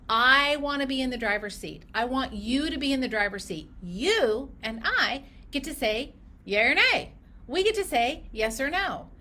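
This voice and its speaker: A woman coaching clinicians on running their practice, talking straight to the listener in an emphatic, animated way and acting out bits of patient dialogue. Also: sits high, moderate pace. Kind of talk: direct-to-camera business coaching.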